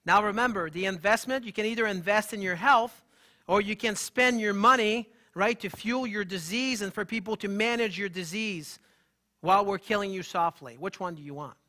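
High, bright-voiced man giving an animated talk. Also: moderate pace. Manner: animated and emphatic, bantering with the audience. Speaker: holistic health practitioner giving a talk. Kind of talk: live seminar talk to an audience. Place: room with a live audience.

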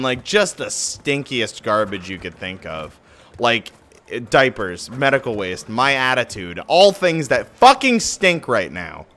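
A man live streaming a game from home, ranting and cursing, swinging between shouts and muttering. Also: mid-range voice, big pitch swings, normal speed, soft background music. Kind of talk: profane rant-style game commentary.

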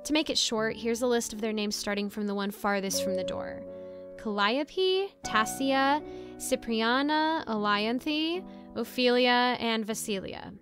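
A woman with a somewhat high voice narrates a spooky diner tale in a casual, chatty manner. She wanders into side remarks easily. Music plays steadily behind her. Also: unhurried. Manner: chatty and rambling, with asides and laughs. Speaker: storyteller. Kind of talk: casual first-person story narration. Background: soft background music.

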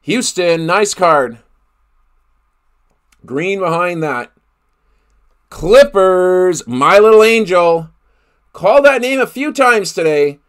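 A man hosting a live card break, calling out each player he pulls and exclaiming over the big hits. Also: high voice. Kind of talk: live card-opening commentary.

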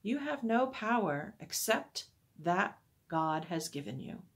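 A calm, gentle man who explains himself with quiet certainty, read aloud by a woman from a children's storybook. The pace is slow and the voice soft and breathy, with a lively rise and fall. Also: mid-range voice, full character voice. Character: calm, gentle adult male teacher, quietly sure.

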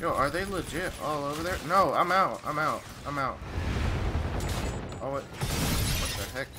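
A man's voice: on the high side, normal speed, background noise. Trash-talking male gamer over gunfire. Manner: trash-talking, excitable, talks to opponents. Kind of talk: live gameplay commentary. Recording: loud game gunfire behind voice. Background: game gunfire and effects.

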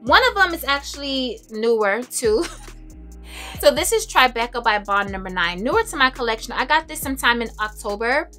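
Young woman vlogging about perfume, bright n expressive, laughs a lot, bit of music under it. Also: fairly high pitch, moderate pace. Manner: chatty, expressive, laughs often, dramatic asides. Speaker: beauty and fragrance vlogger. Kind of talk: casual chat to camera.

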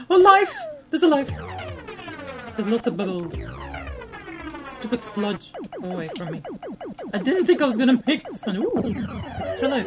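A woman hosting a retro gaming video, reacting loudly to the game with laughs, gasps and exclamations. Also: on the high side. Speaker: gaming channel host. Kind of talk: excited let's-play commentary. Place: home, playing retro computer game. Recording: game music loud behind.

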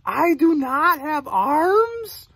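A man voicing a silly, cheerful snake with no arms, in slow, exaggerated storybook tones. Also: very high voice, wildly swooping pitch, a bit bright, no echo, voice pushed up, exaggerated voice. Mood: surprised. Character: silly, cheerful armless snake who wants to play.

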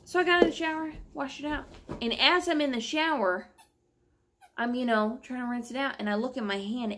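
A young adult woman vlogger at home, telling a long story in an animated, rambling, exasperated way. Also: high voice, a little fast, a little hiss or hum. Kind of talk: casual storytelling vlog.

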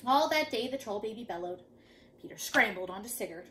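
A woman reading a picture book aloud to young children, dramatic and lively. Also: mid-range voice, brisk. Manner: animated, dramatic. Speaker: children's storyteller.

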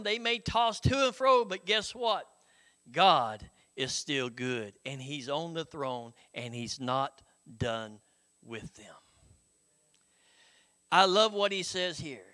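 A man's voice: on the high side, takes it slowly, pushed and bright. A middle-aged man preaching a sermon as pastor, in a folksy, conversational way with frequent "Hello?" call-outs and chuckles.

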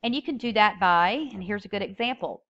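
A woman's voice: mid-range voice, lively intonation, fairly quick, dull audio. A woman teaching a public speaking class, explaining step by step and stressing key words when she reads example openings. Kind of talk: recorded lecture.

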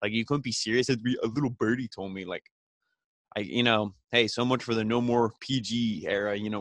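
A man's voice: lowish voice, fairly bright tone, no room sound. A young man recapping a wrestling show in a loose, rambling way, full of fillers and swearing. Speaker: podcast host reviewing wrestling. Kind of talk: casual recap.

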